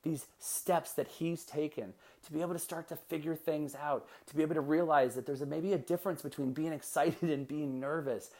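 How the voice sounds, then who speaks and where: A man's voice: fairly high pitch, mellow. An earnest man in his thirties hosts a motivational podcast. He shares a personal story and builds toward emphatic encouragement for his listeners. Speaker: podcast host.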